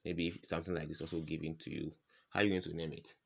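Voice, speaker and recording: A man's voice: rumbling low, flat delivery, fast, vocal fry. A man tutoring chemistry in an informal lesson, firing rhetorical "what?" questions at the viewer and repeating each answer. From West Africa.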